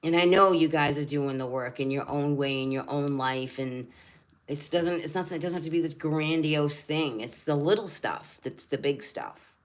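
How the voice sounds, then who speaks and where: A woman's voice: low voice, normal speed. An older woman hosting a spiritual channel who talks earnestly in a rambling way and repeats her phrases. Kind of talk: casual livestream talk.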